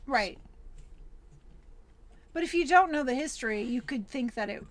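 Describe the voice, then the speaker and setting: A woman with a somewhat high voice co-hosts a casual podcast. She mostly chimes in with short agreeing replies and the odd brief opinion. Her voice is recorded close and dry. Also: animated, normal speed, no room sound. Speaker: podcast co-host. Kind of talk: casual chat.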